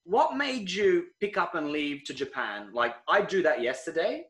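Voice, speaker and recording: A man's voice: on the high side, big pitch swings, normal speed, a bit bright, roomy sound. A man with Italian and Australian roots, co-hosting a podcast and asking questions in a laid-back, jokey way. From Italy and Australia. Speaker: podcast co-host. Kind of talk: casual interview questions.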